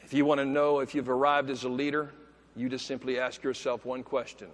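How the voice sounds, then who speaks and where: A man giving a motivational keynote speech, telling stories in an animated way and acting out the people he quotes. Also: medium pitch, fairly quick. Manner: animated, acts out quoted voices. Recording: long hall reverb.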